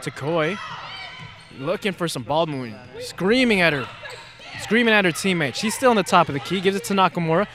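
High-voiced excitable man calling basketball. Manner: excitable, rising to shouts on big plays. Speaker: play-by-play announcer. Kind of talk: live basketball play-by-play commentary.

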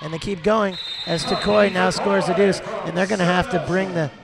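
A man's voice: high-pitched, steady tone, normal speed, creaky. A man giving chatty color commentary at a live basketball game, reacting to the plays. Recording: loud crowd behind.

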